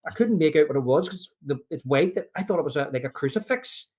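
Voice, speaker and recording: A man's voice: a little high, animated, fast talker, darkish tone, breathy edge. A man co-hosting a film podcast, chatting casually and retelling scenes with frequent restarts. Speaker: podcast co-host.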